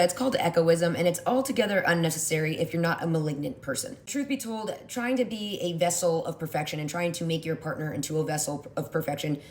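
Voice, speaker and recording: A woman's voice: lowish voice, darkish tone. A woman giving an opinionated monologue on relationships, emphatic and sardonic, acting out quoted arguments. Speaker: commentator on relationships.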